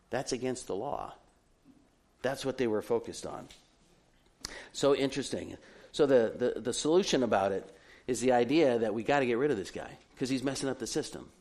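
A middle-aged man preaching a sermon to a congregation, telling stories with humorous asides. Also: medium pitch. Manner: animated storytelling with humorous asides. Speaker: pastor.

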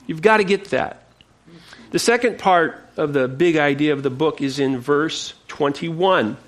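A male pastor preaching a sermon, passionate and expressive, often repeating words as he goes. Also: fairly high pitch, a little slow. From United States.

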